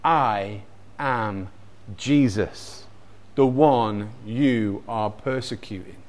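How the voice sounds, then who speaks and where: A man voicing Jesus as a solemn male voice from heaven, speaking low, hushed and slowly.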